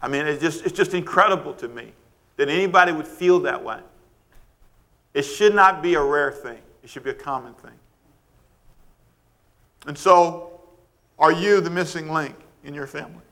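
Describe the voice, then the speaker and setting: A man preaches with a fairly high, bright, forceful voice. He swings from soft asides to loud, rising questions, laughs now and then, and acts out parents' scolding. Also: normal speed, long pauses. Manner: preaching with wide swings of pitch and loudness, rhetorical questions; laughs between points, acts out quoted scolding. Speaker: pastor. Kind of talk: sermon.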